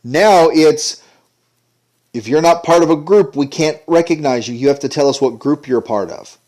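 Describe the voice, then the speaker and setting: A man's voice: a little high, expressive, moderate pace, a little mellow. A man giving an indignant, sarcastic ranting commentary. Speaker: commentary vlogger.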